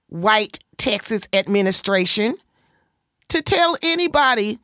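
A woman's voice: a little high, a bit bright, dry recording, clean studio sound. A woman co-hosting a casual talk show, emphatic and teasing. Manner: emphatic, teasing, punchy rhetorical questions. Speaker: podcast co-host. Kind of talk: casual chat.

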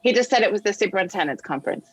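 A woman guest on a discussion show, telling a personal story with animated quoted voices. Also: mid-range voice, very fast, slightly rough, no room sound, low-quality recording. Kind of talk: storytelling in conversation.

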